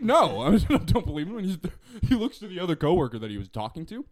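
Young man, podcast host, lively storyteller, raised voice, joking. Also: a little high, rapid-fire, hardly any pauses. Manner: joking, laughs a lot, acts out voices in stories. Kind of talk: casual comedic chat.

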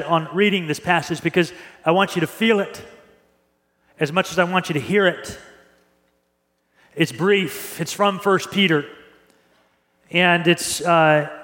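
A male pastor preaching a sermon in an earnest way, often repeating and restarting words and reading scripture slowly. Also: high voice, a bit bright. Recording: reverberant hall.

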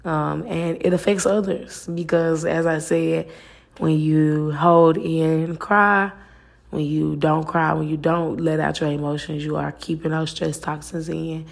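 Female podcast host, low pitch with vocal fry, earnest casual delivery, lots of "like". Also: flat delivery, measured pace. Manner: earnest, repeats phrases, many "like" fillers. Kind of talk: casual faith-based talk.

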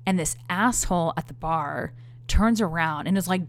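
A woman in her thirties with a low, gravelly voice, chatting straight to her viewers. She tells her story candidly and with exasperation, and she swears freely. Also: normal speed. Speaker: vlogger. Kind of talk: casual storytelling to camera.

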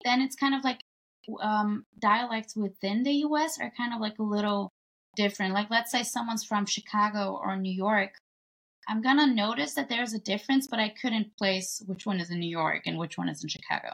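Gravelly, animated woman guest. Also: mid-range voice, fairly quick. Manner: animated storyteller acting out quoted exchanges. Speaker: podcast guest. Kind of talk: casual chat.

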